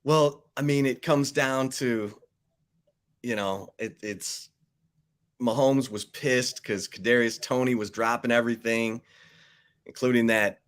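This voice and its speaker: A man hosting a casual sports talk show, relaxed and laughing along with his guest. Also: mid-range voice, a little slow. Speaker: sports radio host.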